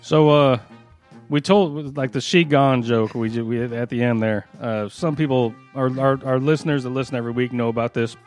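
A man's voice: medium pitch, normal speed, faint music behind. A man co-hosting a podcast, telling a story in casual chat, rambling and often laughing. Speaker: podcast co-host.

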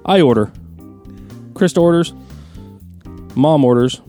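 A man telling a family story on a casual show, animated and swearing, jumping into loud, high impressions of his dad. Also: a little slow, faint music behind.

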